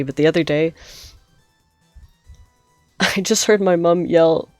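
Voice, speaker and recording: A woman's voice: lowish voice, slow pace, a little mellow, dry recording, faint music behind. A young woman streaming a game, chatting and telling rambling stories with frequent giggles. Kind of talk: casual gameplay storytelling.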